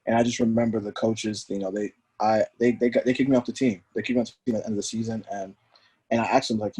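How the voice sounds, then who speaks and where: A low, dark-toned man speaks quickly, telling his story as a podcast guest. He acts out the people he quotes with energy, and his voice has a husky edge. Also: steady tone. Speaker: guest, former pro soccer player. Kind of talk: storytelling in conversation.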